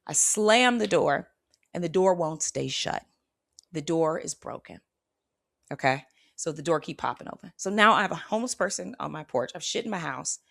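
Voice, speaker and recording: Bright, animated woman telling a story. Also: on the low side, creaky. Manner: expressive, checks in with "okay?" and "right?", acts out her own reactions. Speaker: spiritual channel host.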